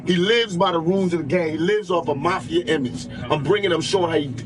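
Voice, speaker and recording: A man in his twenties telling stories in a radio interview, animated, emphatic and profane. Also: fairly high pitch, fast talker, crowd noise. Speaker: rapper guest.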